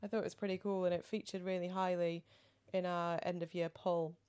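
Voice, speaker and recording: A woman co-hosting a studio podcast in casual chat, thoughtful and rambling, often trailing off softly. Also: on the low side, level tone, brisk, clean tone. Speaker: podcast co-host. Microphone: studio microphone.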